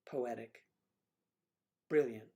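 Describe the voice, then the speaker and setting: At home with a TV playing in the background, a man hosts a casual livestream, reading chat and musing aloud with drawn-out hums between comments. His voice is mid-range with a darkish tone.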